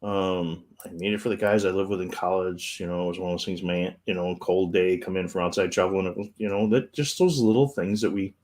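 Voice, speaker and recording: A man's voice: deep voice, steady tone, a little fast, few pauses, a little mellow. Brief: male co-host, easygoing and rambling, reads viewer messages between casual chat.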